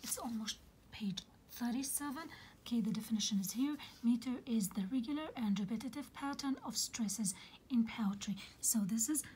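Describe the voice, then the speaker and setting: A woman teaching a literature lesson in a soft, half-whispered voice, patiently explaining and filling pauses with "okay". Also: on the high side, background noise. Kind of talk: recorded lecture on poetic meter.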